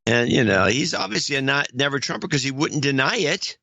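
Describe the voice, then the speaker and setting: A man co-hosting a podcast, rambling in a halting, self-deprecating way. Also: mid-range voice, expressive, gravelly, bright, forceful tone, dry recording. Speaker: podcast co-host. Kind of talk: casual banter.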